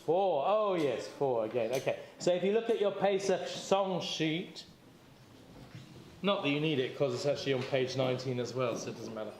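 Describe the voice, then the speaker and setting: A man's voice: medium pitch, animated, normal speed, slight background noise. A man leading a group seder, chatty and encouraging, with light jokes as he guides the room through it. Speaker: seder leader. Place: community hall or synagogue. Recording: echoey room.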